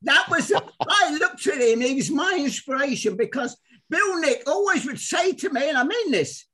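An older man from telling animated, rambling stories as a guest, acting out the people he quotes. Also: very high voice, normal speed. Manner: excitable, rambling, acts out quoted dialogue. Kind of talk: animated storytelling.

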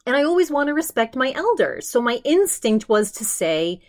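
A young woman hosting a podcast, telling a story in casual chat with animated quoted asides. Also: high voice, moderate pace. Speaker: podcast host.

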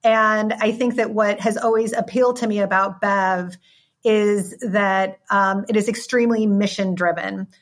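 A woman's voice: medium pitch, steady tone, unhurried. A woman answering interview questions as a wine company executive, in polished business language.

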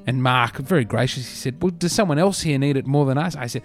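A man's voice: mid-range voice, brisk, soft background music. An Australian man hosting a comedy podcast, telling meandering stories in a dry, self-mocking way. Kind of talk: rambling comedic podcast monologue.

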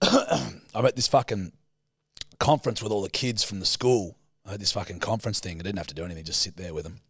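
A man's voice: fairly low pitch, slightly rough, no room sound, studio quality. A man co-hosting a podcast, telling a yarn in casual, swearing banter. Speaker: podcast co-host. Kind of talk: casual chat.

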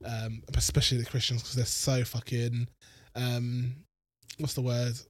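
A man's voice: mid-range voice, flat delivery, measured pace, dry recording. A man co-hosting a casual podcast, rambling, swearing and joking at his own expense. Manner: rambling, sweary, self-mocking. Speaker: podcast co-host. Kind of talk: casual chat.

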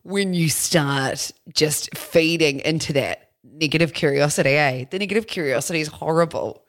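A woman's voice: low voice, normal speed. A woman hosting a podcast, musing reflectively in casual conversation. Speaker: podcast host.

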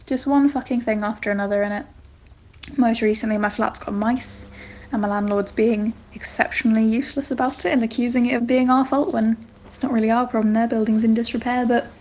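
A woman's voice: on the high side, a little mellow, a little hiss or hum. A woman from England leaving a frank, self-deprecating voicemail, swearing casually. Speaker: first-time caller. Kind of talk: casual voice message. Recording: dull lo-fi phone message.

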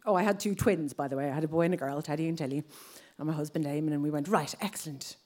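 A woman's voice: low-pitched, fairly even intonation, racing, mellow. A woman in her thirties with an Irish accent, telling a personal story on stage and acting out other people's lines. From Ireland.

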